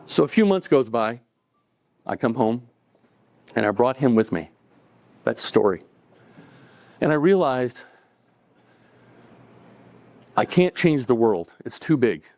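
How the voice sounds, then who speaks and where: A man's voice: medium pitch, sing-song, unhurried, pauses often, darkish tone, no room sound. A man telling a true story to a live audience at a cafe event, in a conversational way that acts out the dialogue. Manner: conversational, acting out dialogue, chuckling between lines.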